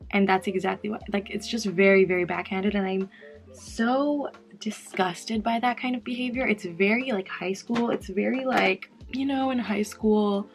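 Young woman, casual beauty vlog, chatty and animated, mid-pitched voice, soft music behind. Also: normal speed. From Canada. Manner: chatty, animated, mocking imitations. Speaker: beauty vlogger. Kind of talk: casual chat while doing makeup.

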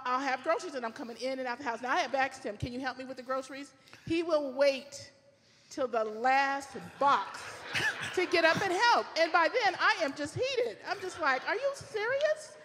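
A woman's voice: high-pitched, moderate pace, fairly bright tone. A woman co-leading a sermon, teasing and candid as she tells a story. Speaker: pastor's wife, co-pastor. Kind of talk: conversational sermon. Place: church sanctuary. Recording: long church hall reverb.

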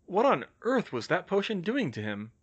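Man, audiobook narration, lively pitch, expressive reading. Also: normal speed, husky, highs cut off. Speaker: reader. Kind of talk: audiobook narration of fan fiction.

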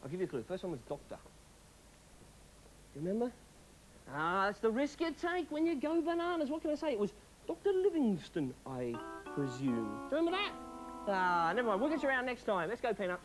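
A woman runs a pretend game show with bouncy quizmaster patter and a fairly high voice. Her pitch swings freely from line to line, and soft music sits behind her. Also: sing-song, quick pace, long pauses, poor audio. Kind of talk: playful game show role-play.

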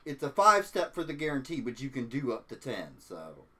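A man's voice: medium pitch, huge pitch swings, brisk, bright, forceful tone. A man giving easygoing commentary on a game, trailing off with little "so" and "I guess" asides. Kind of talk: casual gaming commentary.

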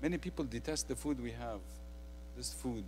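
A man with an Egyptian accent preaching a sermon, swinging between quiet, intimate asides and loud, emphatic declarations. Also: mid-range voice, moderate pace, in a large hall, a little hiss or hum.

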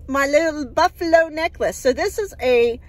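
A woman's voice: high-pitched, normal speed, no room sound. A woman, chatting casually in her yard for a vlog, upbeat and rambling with lots of fillers. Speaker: vlogger.

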